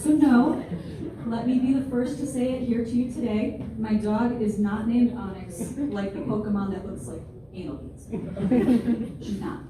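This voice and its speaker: Self-deprecating woman comic in her twenties on stage, higher-pitched, picked up from far off against room noise. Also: moderate pace. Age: 20s. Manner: wry, self-deprecating, playful asides. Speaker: stand-up comedian. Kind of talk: stand-up comedy set. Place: large room with a live audience. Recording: very echoey hall, distant, noisy.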